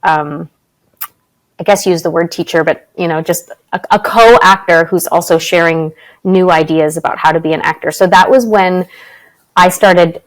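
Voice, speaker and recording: Canadian woman telling lively stories. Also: fairly low pitch, normal speed, rough recording. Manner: animated storytelling with laughs and acted-out quotes. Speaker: podcast guest, actress and spiritual teacher. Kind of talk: casual interview storytelling.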